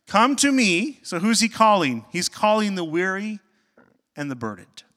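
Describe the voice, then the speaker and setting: Bright-voiced pastor preaching in a reverberant hall. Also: male voice, sits high, a little slow. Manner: animated, self-deprecating storytelling with jokes. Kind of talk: sermon.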